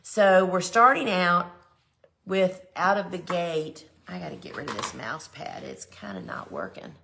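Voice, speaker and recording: A woman's voice: fairly low pitch, sing-song, unhurried, creaky, fairly bright tone, a little hiss or hum. A woman, hosting a live flower gardening show, chatting casually and enthusiastically as she shows seed sets. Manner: chatty, enthusiastic, says "y'all" often. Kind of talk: casual live shopping chat.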